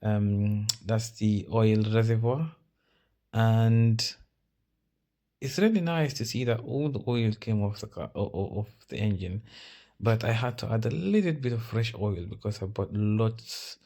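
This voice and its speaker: Rambling self-mocking man, low voice. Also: unhurried, mellow. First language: Arabic. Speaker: vlogger. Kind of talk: casual talk over car-maintenance footage.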